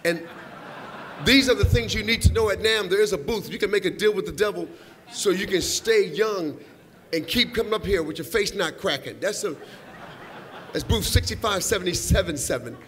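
A man's voice: high-pitched, lively intonation, normal speed, long pauses, fairly bright tone, slight background noise. A middle-aged man presenting at an awards show, riffing playfully and teasing the musicians in a rambling stand-up style. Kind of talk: comedic stand-up riffing from the stage. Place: large awards hall, live audience.

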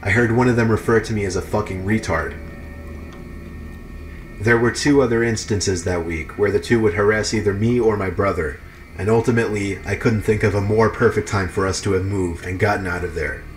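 A man reading true horror stories aloud in an even, measured narration. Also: fairly low pitch, soft background music. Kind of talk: scripted narration.

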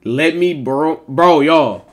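A man streaming live and chatting with his viewers in animated, joking banter full of slang and swearing. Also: fairly high pitch, takes it slowly.

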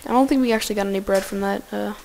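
A woman giving goofy, excitable casual gameplay commentary, talking to the animals in her game. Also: medium pitch, rapid-fire, gravelly, a little hiss or hum.

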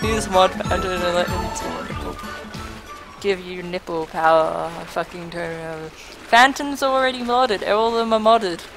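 Aussie girl streaming, giggly and overwhelmed, slow drawly talk, music going behind her. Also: medium pitch, low-quality recording. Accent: Australian. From Australia. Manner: giggly, overwhelmed, swearing freely. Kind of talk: casual live-stream chat.

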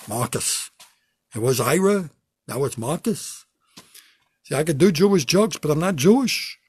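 An older man doing a wry, self-deprecating stand-up routine from his home basement, with sudden loud bursts when he acts out a bit. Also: a little high, breathy edge, dry recording, clean studio sound. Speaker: stand-up comedian.

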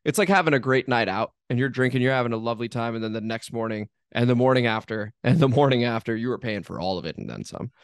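Male podcast host, mid-pitched, dry close recording, relaxed reasoning with laughs. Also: quick pace, few pauses, clean tone, no echo. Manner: conversational, chuckling, uses analogies. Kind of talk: casual sports podcast chat.

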